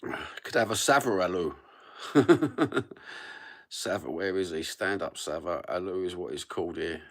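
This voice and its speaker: Very deep-voiced sweary East London man. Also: measured pace, fairly bright tone. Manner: sweary, matey, slangy banter. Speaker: livestream host. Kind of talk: rambling livestream chat.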